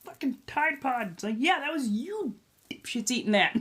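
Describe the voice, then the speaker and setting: A woman's voice: high voice, normal speed. A woman in her thirties hosting a casual livestream, ranting with lots of swearing and laughter. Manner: profane, animated ranting with frequent laughter. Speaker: livestream host and tarot reader.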